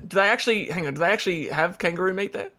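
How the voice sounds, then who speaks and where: A man's voice: high-pitched, rapid-fire, sharp tone. A man guest in a casual chat, laid-back and teasing. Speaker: guest racer.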